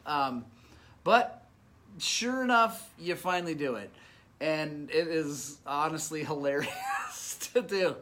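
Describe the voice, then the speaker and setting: Man, middle-aged, bright forceful tone, slightly high voice, casual storytelling, self-mocking, laughs a lot. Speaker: off-road motorcycle racer telling a race story.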